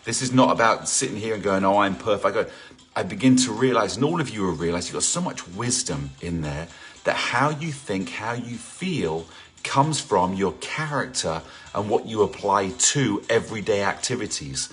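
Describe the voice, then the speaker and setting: A man's voice: fairly low pitch, animated, moderate pace, fairly bright tone. A middle-aged man from England hosting a live home workout session, chatting casually, greeting viewers by name and joking. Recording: faint music in the background.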